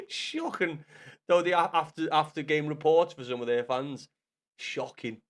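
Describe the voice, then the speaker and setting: A man's voice: a little high, animated, takes it slowly. A man chatting with his live-stream viewers, full of banter and swearing, repeating himself and calling them lad and mate. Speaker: streamer reading chat.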